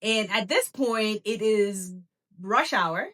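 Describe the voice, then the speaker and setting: A woman in her thirties hosting a podcast, telling a personal story in a casual, lively way and acting out what people said. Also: mid-range voice, slow. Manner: animated, laughing, acts out quoted talk. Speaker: podcast host.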